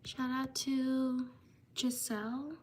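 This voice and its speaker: A woman hosting a livestream, reading viewers' names for shout-outs in a slow, repetitive way. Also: high-pitched, little pitch movement. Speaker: livestream host.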